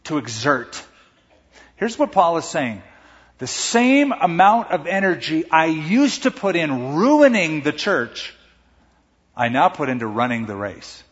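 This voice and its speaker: A man delivers a sermon from the pulpit, his fairly high voice pushing hard on key words and easing back between them. The sound is dull and muffled, with a long reverb trailing off around a big church hall. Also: sing-song, a little slow. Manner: emphatic preaching with dramatic swings in loudness. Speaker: pastor.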